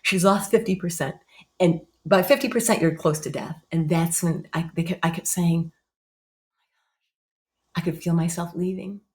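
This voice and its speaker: A woman in her fifties with a slightly low voice tells her own story as a guest. She talks in an animated way, repeats words for emphasis and often jumps up in pitch to act out what others said. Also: moderate pace, pauses often. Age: 50s. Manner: animated, acts out others' lines in raised voice. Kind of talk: emotional personal storytelling.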